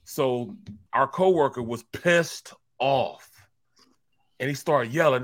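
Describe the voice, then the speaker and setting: A male sports talk co-host spinning a story in an animated, casual way. He stumbles over repeated words as he gets worked up. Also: mid-range voice, measured pace. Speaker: co-host, former football player.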